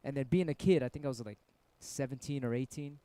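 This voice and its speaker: A man's voice: medium pitch, quick pace, dark tone, clear, resonant tone, no room sound. A middle-aged man from San Francisco, chatting casually with viewers on his live stream and telling rambling stories full of swearing. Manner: laid-back, profane, rambling storytelling. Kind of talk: casual livestream chat with viewers.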